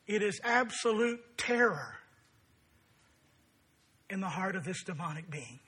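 A man preaching a sermon as pastor, in deliberate, emphatic phrases. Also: very high-pitched, bright, forceful tone, husky.

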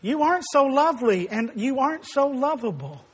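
A man preaching a sermon, emphatic and rising to forceful declarations, acting out quoted dialogue as he tells a story. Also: very high voice, very animated, moderate pace, husky.

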